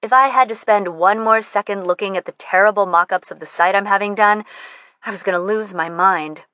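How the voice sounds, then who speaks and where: An earnest, excitable young woman, as a female narrator voices her talks through her worries in an audiobook. Her voice sits mid pitch, recorded dry. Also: brisk, no echo, highs cut off, natural voice.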